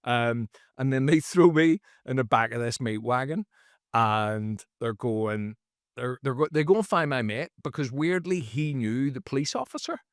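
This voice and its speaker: Man, comedy guest, lively storyteller; dry close sound, mid-pitched voice. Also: normal speed, no echo. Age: adult, former teacher. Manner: animated, jumps into loud high voices for quoted people. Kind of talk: casual storytelling.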